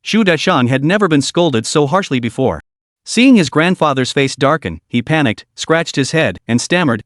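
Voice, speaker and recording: A man narrating a scripted story recap with dramatic, expressive delivery. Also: on the high side, normal speed, no room sound, clean studio sound.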